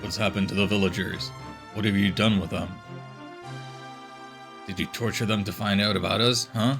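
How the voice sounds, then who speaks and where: A man's voice: lowish voice, fairly even intonation, normal speed, music in the background, lightly acted. A man voicing a hot-headed young man in a game, accusing and angry.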